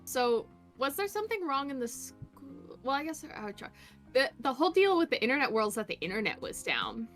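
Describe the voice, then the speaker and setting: A woman's voice: high-pitched, very animated, fairly quick, a bit bright, soft background music. Eager woman steering a casual chat. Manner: eager, organizing, swears casually. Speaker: friend taking notes in discussion. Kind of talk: casual group chat over a call.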